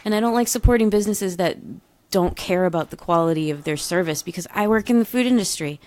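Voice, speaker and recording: A young woman co-hosting a casual podcast, telling an animated story, swearing freely and mimicking the people she talks about. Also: lowish voice, quick pace, dry recording. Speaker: podcast co-host. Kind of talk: casual chat.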